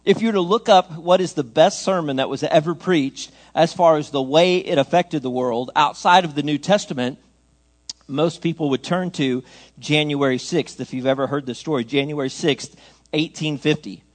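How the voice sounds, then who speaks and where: Guy giving a sermon, kinda higher voice, earnest and chatty, gets loud on the key lines then drops quiet. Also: moderate pace. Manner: conversational, asks the listeners questions. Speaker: preacher.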